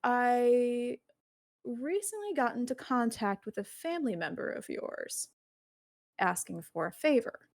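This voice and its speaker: A woman voicing a poised, scheming businesswoman who speaks in a smooth, measured, courteous way. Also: a little high, lively intonation, darkish tone, dry recording, studio quality, pitched above the performer's own voice. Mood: silky, businesslike.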